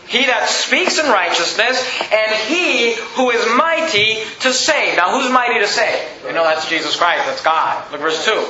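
A man preaching a sermon, reading scripture slowly and with weight, then explaining it in quick asides to the congregation. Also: sits high, lively intonation, background noise. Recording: echoey room, dull lo-fi sound.

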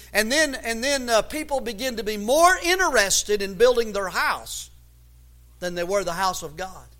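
Preaching in a high-pitched voice, this pastor often circles on repeated words as he searches for what to say next, then swells into loud, emphatic stretches.

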